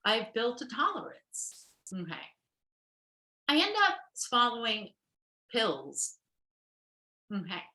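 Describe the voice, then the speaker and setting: American woman therapist, workshop lecture over video call; bright voice, slow pace, echoey room. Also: fairly high pitch, big pitch swings. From United States. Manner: checks in often with "okay?" and "right?". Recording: roomy echo.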